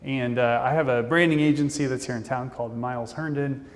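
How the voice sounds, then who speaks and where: A man giving a fast, casual, jokey conference talk from a stage. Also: medium pitch, fairly even intonation. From Indianapolis, Indiana, US. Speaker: conference speaker. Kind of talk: keynote presentation. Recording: long reverb of a conference hall.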